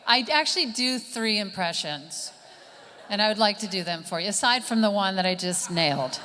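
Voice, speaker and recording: A woman doing live stand-up comedy on a stage, with a deadpan, drawn-out delivery and long pauses. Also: mid-range voice, a little hiss or hum. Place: stage at a large summit hall. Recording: live hall with long reverb and faint ambience.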